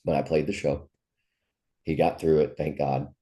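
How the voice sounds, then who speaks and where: A man's voice: rumbling low, little pitch movement, moderate pace, dark tone. A man in his fifties, a musician telling personal stories in an interview, speaking in a raw, profane and heartfelt way. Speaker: musician guest. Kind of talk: candid interview storytelling.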